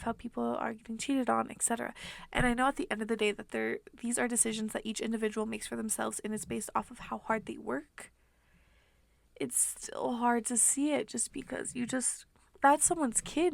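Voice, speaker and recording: A young woman vlogger rambling through an emotional personal monologue, soft and tearful, with many fillers. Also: on the high side, creaky, dry recording.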